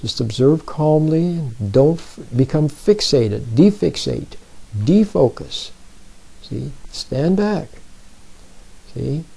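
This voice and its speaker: A man giving spoken self-help advice, slow and deliberate, who keeps repeating his points and checking in with the listener. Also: on the high side, expressive, creaky, mellow, breathy edge, poor audio. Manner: repeats points and often checks in with "See?" and "Are you with me?". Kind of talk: plain spoken advice talk.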